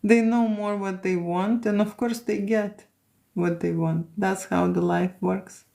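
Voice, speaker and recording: A woman's voice: medium pitch, fairly even intonation, unhurried, gravelly, mellow. A woman from Lithuania with a Lithuanian accent, a photographer chatting casually on a livestream and reading out comments, with many "okay?" and "you know" fillers.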